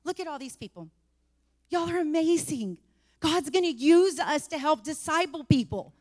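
High-voiced woman preaching in an echoing church. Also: animated, normal speed. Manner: testifying, rising to fervent shouting. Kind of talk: sermon. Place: church sanctuary.

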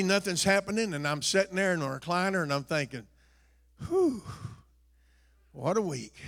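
An older pastor delivers a folksy sermon in a high, gravelly voice. He drops to hushed asides, then builds to shouting, stammering on repeated words. His voice rings out with a long echo through the church hall.

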